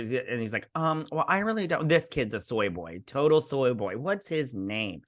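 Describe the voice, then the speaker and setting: Bright-voiced sassy man rambling through a review. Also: mid-range voice. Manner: rambling, sassy, acts out characters' lines. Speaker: show reviewer host. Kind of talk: casual episode recap and review.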